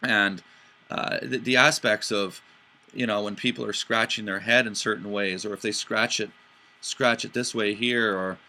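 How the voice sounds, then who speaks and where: A man's voice: lowish voice, steady tone, normal speed, pushed and bright. A man hosting a podcast in a casual explanatory talk. He speaks with animation, stumbles into restarts, and acts out voices and inflections to make his points. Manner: frequent fillers and restarts. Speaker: podcast host.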